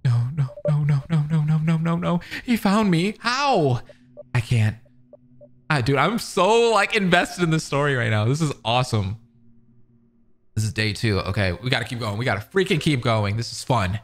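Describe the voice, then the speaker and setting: A man commentating a horror visual novel as a let's-play, reading the lines aloud with dramatic emphasis and jumpy, excitable reactions. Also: mid-range voice, moderate pace. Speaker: video game commentator.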